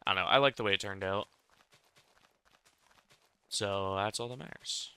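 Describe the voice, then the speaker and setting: Building in Minecraft, this young creator offers casual, rambling commentary, often laughing at himself in a self-deprecating way. He speaks at normal speed in a lowish voice with a sharp, clean tone, and the recording is dry.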